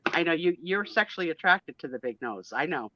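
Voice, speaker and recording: A woman in her sixties chats bluntly and jokes at her own expense. Her pitch swings up and down a lot. The sound is dry and a little dull, like lo-fi video-call audio. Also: lively intonation, fairly quick, bright, forceful tone, no room sound. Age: 60s. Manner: blunt, joking, self-mocking. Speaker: guest on a live chat show. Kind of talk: casual live video chat.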